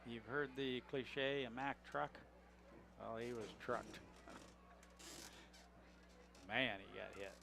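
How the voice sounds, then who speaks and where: A man with an average-pitched voice doing color commentary for a local high school football broadcast. He talks in a relaxed, conversational way and walks listeners through each play in everyday language. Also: a little slow, gravelly. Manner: conversational, explains plays in plain talk.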